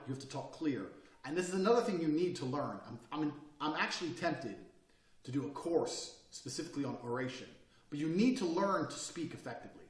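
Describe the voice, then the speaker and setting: A course instructor in his thirties, his voice a little high, delivers a blunt, profane motivational lecture, telling listeners forcefully and brashly how to speak and carry themselves. The recording sounds roomy, with the mic set at a distance.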